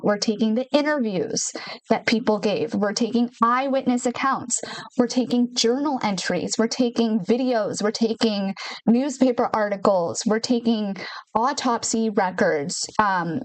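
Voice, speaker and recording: A woman's voice: on the high side, dry recording. A woman hosting a podcast in casual talk to camera, chatty and repeating words for emphasis, speaking into a home studio microphone. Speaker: podcast host. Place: her home studio in Nashville.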